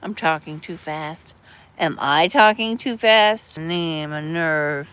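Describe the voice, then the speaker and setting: A woman's voice: deep voice, slow pace, fairly bright tone, a little hiss or hum. A middle-aged woman chatting on a casual livestream, answering chat in a chatty, mothering and blunt way, with some cursing. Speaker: livestream host reading chat.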